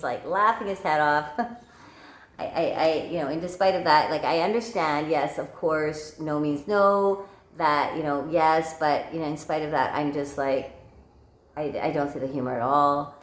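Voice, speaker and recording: A woman's voice: low voice, moderate pace. A woman sex coach telling a story casually to camera, chatty with many fillers and repeated words. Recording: echoey room.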